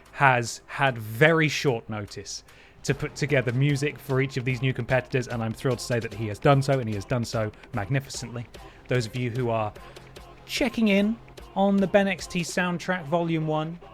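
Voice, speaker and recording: A man's voice: medium pitch, expressive, moderate pace, soft background music. A man hosting a game livestream, chatting wryly and thanking viewers. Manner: chatty and wry, with playful voice jumps. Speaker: livestream host. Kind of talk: casual stream chat, thanking viewers.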